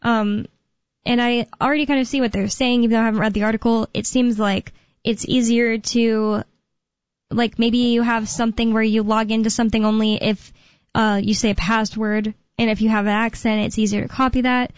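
A woman's voice: fairly high pitch, flat delivery, brisk, clear, resonant tone, no room sound. A woman co-hosting a call-in talk radio show, chatting casually and rambling a bit with frequent laughs. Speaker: radio co-host. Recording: dull lo-fi radio sound.

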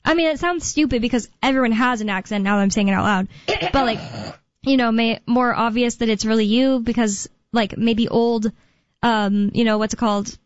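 A woman's voice: fairly high pitch, normal speed, no echo. A woman co-hosting a call-in talk radio show, chatting casually and rambling a bit with frequent laughs. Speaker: radio co-host. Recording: dull lo-fi radio sound.

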